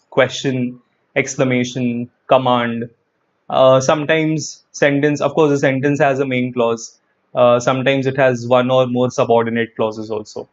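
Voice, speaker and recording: A man with an Indian English accent, an English teacher giving an energetic online grammar lesson, repeating his points and talking straight to the viewers. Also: a little high, highs cut off. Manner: energetic, repeats phrases, addresses viewers directly.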